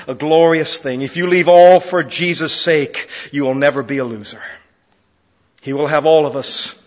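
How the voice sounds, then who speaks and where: A man preaching a sermon as pastor, moving from quiet pleading to loud, impassioned exclamations. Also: high voice, in a large hall, lo-fi sound.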